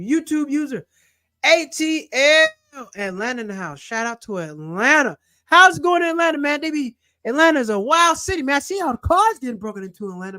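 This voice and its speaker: A young man hosting a casual livestream, eagerly shouting out viewers and their cities and plugging his channels. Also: very high-pitched. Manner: hyped, repetitive shout-outs to viewers. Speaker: livestream host.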